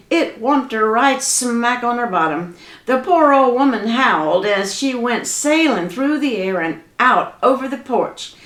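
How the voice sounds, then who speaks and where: A woman telling a folk tale in a lively, dramatic, folksy way. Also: a little high, a little slow. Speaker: storyteller. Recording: echoey room.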